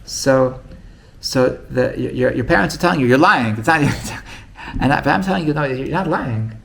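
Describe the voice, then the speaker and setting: A man's voice: medium pitch, animated, normal speed, creaky, fairly bright tone, a little hiss or hum. A man, a rabbi, telling a story in a casual, rambling way with many restarts. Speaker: rabbi teaching.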